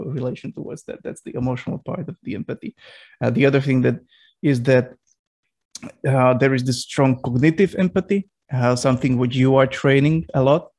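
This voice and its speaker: A man's voice: medium pitch, a little mellow. A man hosting a casual podcast discussion, speaking hesitantly with many fillers and restarts. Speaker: podcast host.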